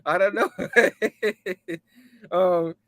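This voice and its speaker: A man's voice: high-pitched, very slow, sharp tone, no echo. A man hosting a casual comic book review, retelling the story loosely, laughing often and dropping "you know what I mean" between lines. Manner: loosely acts out characters' lines. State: hot and sipping a drink. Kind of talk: casual comic recap, paraphrasing dialogue.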